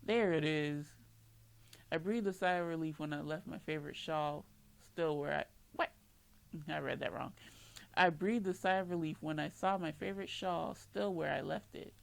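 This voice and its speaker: A woman's voice: deep voice, normal speed, gravelly. A woman reading visual novel narration aloud, often tripping over words and correcting herself. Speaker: game streamer reading dialogue aloud. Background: game music.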